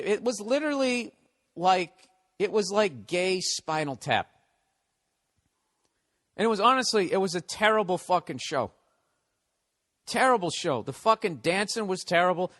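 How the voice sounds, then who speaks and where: Profane, exasperated comedian ranting. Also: male voice, high-pitched, a bit bright, no echo, clean studio sound. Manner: profane, exasperated, heavy swearing; self-corrects and restarts mid-story. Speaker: comedian and podcast host. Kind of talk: casual storytelling rant.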